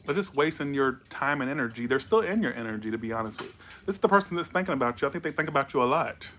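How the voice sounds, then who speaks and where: A man's voice: mid-range voice, animated, rapid-fire, fairly bright tone, a little hiss or hum. A tipsy man doing a loose, rambling, playful tarot reading. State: tipsy from alcohol. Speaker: tarot reader.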